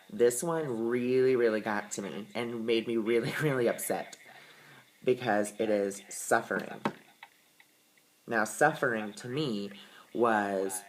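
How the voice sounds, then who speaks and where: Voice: medium pitch, low-quality recording. A person explaining oracle and tarot cards in a casual, earnest, reassuring way, often repeating words for emphasis. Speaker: tarot and oracle card reader. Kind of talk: casual explanatory talk to camera.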